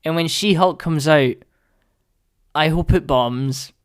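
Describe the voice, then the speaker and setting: Ranting young man, fairly high voice. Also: slow pace, no echo, clean studio sound. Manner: ranting, exasperated, sarcastic. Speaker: podcast host. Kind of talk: solo podcast rant.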